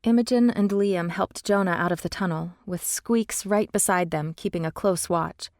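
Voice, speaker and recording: Woman, audiobook narrator, first-person storytelling, low voice, dry close studio sound. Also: moderate pace, darkish tone, no room sound.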